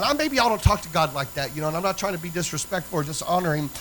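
A man's voice: fairly high pitch, animated, racing, few pauses, a bit bright, rough recording. A man preaching a sermon as pastor, folksy and emphatic as he tells a story. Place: church sanctuary.

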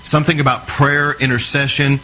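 A man's voice: mid-range voice, flat delivery, fairly quick, pushed and bright, a little hiss or hum, poor audio. Earnest preacher man telling stories. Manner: conversational, checks in with the listener often. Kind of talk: storytelling sermon.

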